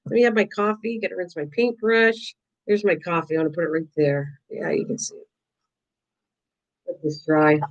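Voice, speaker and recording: A woman's voice: lowish voice, little pitch movement, moderate pace, muffled recording. An older woman hosting a live crafting stream, chatting casually and rambling to her viewers and her dog while she paints.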